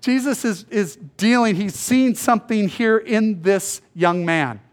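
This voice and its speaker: A male pastor giving a conversational sermon, acting out the people in the story in quick voices. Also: high-pitched. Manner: conversational, acts out biblical dialogue in voices.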